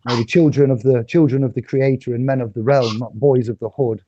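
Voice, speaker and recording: A man's voice: mid-range voice, steady tone, a little fast, dark tone, muffled recording, slight background noise. A man hosting a casual online chat show, rambling and chuckling with many fillers. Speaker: host.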